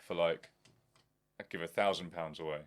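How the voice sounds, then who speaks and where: A man's voice: low voice, steady tone, moderate pace. A young man co-hosting a podcast, chatting casually with dry, teasing banter and the odd swear word. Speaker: podcast co-host. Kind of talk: casual chat.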